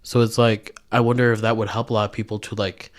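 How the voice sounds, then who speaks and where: A man's voice: lowish voice, little pitch movement, fast talker. Blunt, profane young man chatting. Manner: blunt and profane, thinks aloud. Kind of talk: casual podcast chat.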